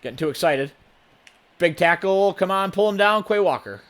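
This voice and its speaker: In this let's play, a gaming channel host gives running play-by-play of his own game at normal speed. His somewhat high voice turns loud and excited when a play goes badly.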